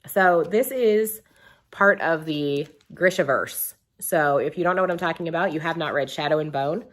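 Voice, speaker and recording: A young woman with a low voice talks casually through her monthly book reviews. She rambles, restarts her sentences and fills the pauses with ums. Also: fairly bright tone.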